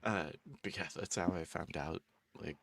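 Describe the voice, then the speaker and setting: A man in his forties hosting a casual stoner chat, laid-back, laughing often and breaking into loud excited bursts. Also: low voice, normal speed, gravelly. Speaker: podcast host.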